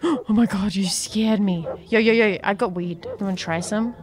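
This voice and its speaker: A woman's voice: medium pitch, normal speed, background noise. A young woman commenting on a game as she plays, chatty and giggly, often gasping and squealing. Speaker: gaming YouTuber. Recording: music underneath.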